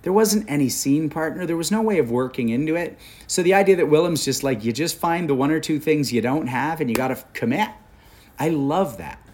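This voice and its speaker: A man's voice: on the high side, lively intonation, fairly quick, a little mellow. A man in his forties from Canada, an actor talking candidly and animatedly as an interview guest. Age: 40s. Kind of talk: casual storytelling conversation.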